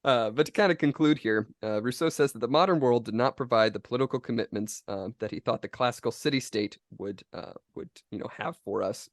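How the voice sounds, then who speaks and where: A man's voice: medium pitch, fairly quick, hardly any pauses, dry recording, studio quality. An American man co-hosting a casual podcast discussion, reading quotes from a book and talking with frequent "um" and "you know". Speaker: podcast co-host.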